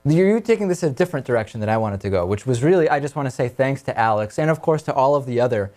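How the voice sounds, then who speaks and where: A man's voice: mid-range voice, expressive, very fast, a little mellow. A man hosting a talk radio show, leading casual discussion with his co-hosts in a conversational way.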